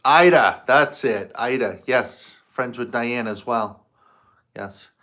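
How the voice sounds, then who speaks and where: A man's voice: mid-range voice, slow, sharp tone. A man hosting a spiritual livestream, greeting viewers and telling a story in a loose, conversational way. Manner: storytelling, acts out his own past quotes. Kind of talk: casual livestream chat.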